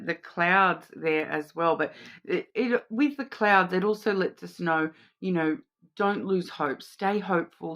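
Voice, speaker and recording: A woman's voice: deep voice, a bit bright. A woman with an Australian accent, giving a casual, reassuring card reading to camera, chatty, with many fillers and restarts. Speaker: card reader.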